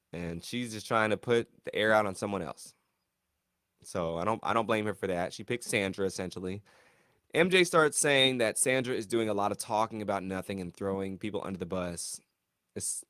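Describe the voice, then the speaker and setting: A man casually recapping a reality competition episode, animated, breaking into mimicry of the cast. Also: no echo, studio quality. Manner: animated, mimics cast members in high voices. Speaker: show reviewer.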